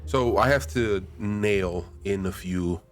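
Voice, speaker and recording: Male player, deep voice, gentle and casual, TTRPG table. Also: takes it slowly, soft background music. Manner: gentle, casual, in-character speech mixed with chat.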